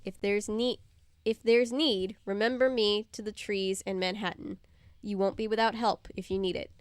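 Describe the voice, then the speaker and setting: A woman voicing a calm, kindly rowan tree spirit, speaking gently and with affection in a storybook reading. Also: medium pitch, normal speed, clean tone, dry recording, close to an everyday voice. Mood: earnest.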